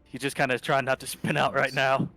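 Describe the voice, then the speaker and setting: A man playing a tabletop game, relaxed and casual as he reads out his dice rolls. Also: mid-range voice, fairly quick. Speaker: player.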